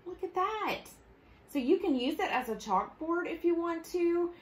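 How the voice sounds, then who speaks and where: A woman's voice: very high voice, animated, moderate pace. A woman with a Southern accent, hosting a casual live craft demonstration in a bubbly, chatty way with frequent laughs. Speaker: host. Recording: echoey room with faint ambience.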